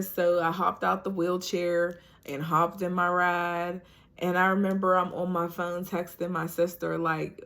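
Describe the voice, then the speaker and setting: Lively young woman telling her story. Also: on the low side, unhurried. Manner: animated, acts out quoted voices, laughs often. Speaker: vlogger. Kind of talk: casual storytelling vlog.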